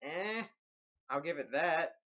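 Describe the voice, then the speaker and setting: A man's voice: on the high side, lively intonation, slow pace, bright, forceful tone, highs cut off. A man giving a casual movie review in a blunt, rambling, profane way.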